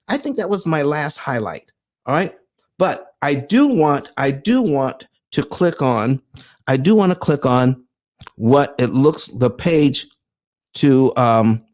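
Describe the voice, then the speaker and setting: Animated man hosting a livestream. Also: on the high side, takes it slowly. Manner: animated, preacher-like call and response; reads documents aloud, then explains. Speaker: livestream host. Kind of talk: livestream talk reading viewer comments.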